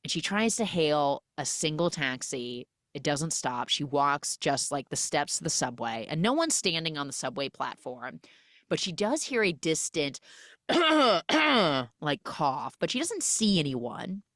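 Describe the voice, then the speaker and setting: Recorded dry in a clean studio, a woman with a low-sitting voice speaks at a measured pace. She's a podcast host retelling movie scenes casually and animatedly, voicing the characters and leaning on the filler "like."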